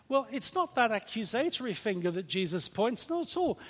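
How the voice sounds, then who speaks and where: A man preaching a sermon in a church, lively and playful, with emphatic points and questions to the congregation. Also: extremely high pitch, a little fast, few pauses. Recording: reverberant church hall.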